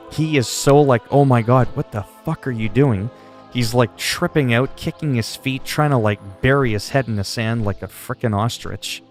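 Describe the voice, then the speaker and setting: A man hosting a casual gaming livestream, rambling through funny stories and swearing freely. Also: medium pitch. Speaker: livestream host. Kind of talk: casual gaming stream chat.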